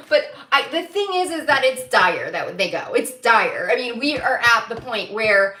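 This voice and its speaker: A woman's voice: sits high, expressive, normal speed, few pauses, pushed and bright, echoey room. A woman doing a livestreamed tarot reading, venting angrily with lots of swearing and breaking into laughter. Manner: angry, profane venting broken by laughter. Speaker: tarot reader.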